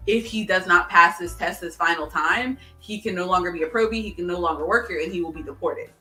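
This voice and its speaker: A woman co-hosting a casual chat, excitedly retelling a TV episode and acting out its dialogue. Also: on the low side, fairly quick, roomy sound, distant mic, faint music behind. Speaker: podcast co-host. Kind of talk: casual chat recapping a TV show.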